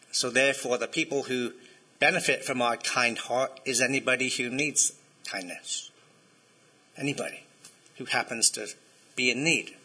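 A man's voice: medium pitch, bright, forceful tone, breathy edge, poor audio. A man preaching a sermon in a conversational way, often checking in with his listeners. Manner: conversational, asks the congregation to respond. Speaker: pastor.

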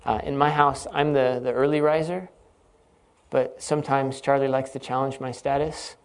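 A man's voice: mid-range voice, flat delivery, normal speed, clear, resonant tone. A man teaching a sermon on a psalm, earnest and reflective, explaining the text. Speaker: Bible teacher.

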